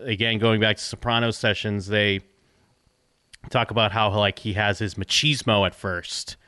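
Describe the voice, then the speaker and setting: Male podcast co-host: low, smooth voice, loose rambling delivery. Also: flat delivery, moderate pace, pushed and bright, dry recording, clean studio sound. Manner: rambling, many restarts and fillers, swears casually. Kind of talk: casual TV recap chat.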